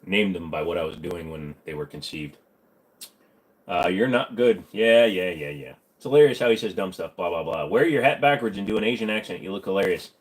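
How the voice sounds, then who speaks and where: Congested male streamer, rambling jokey chat, pitch jumps all over. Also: lively intonation, rough recording. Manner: joking, rambling, quick asides. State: stuffy, congested voice. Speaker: streamer hosting a Q&A. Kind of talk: casual livestream chat.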